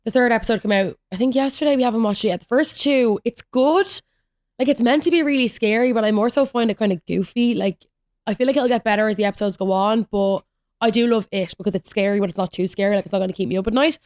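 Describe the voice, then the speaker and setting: A woman's voice: a little high, fast, a little mellow, no room sound, studio quality. A young woman, hosting a podcast and rambling through stories in chatty, casual talk. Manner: chatty, rambling storytelling with lots of "like". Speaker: podcast host. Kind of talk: solo podcast rant, casual chat.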